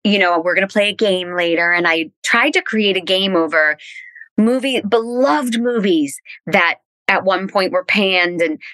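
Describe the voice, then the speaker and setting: A woman hosting a podcast in casual chat, with quick, self-mocking asides. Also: medium pitch, fairly bright tone, dry recording. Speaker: podcast host.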